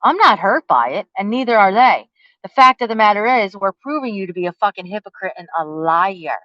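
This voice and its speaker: A woman's voice: medium pitch, expressive, a little fast, dry recording, lo-fi sound. A woman, delivering a profane, confrontational rant, taunting with rhetorical questions and heavy cursing. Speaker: vlogger. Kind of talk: angry rant to the camera.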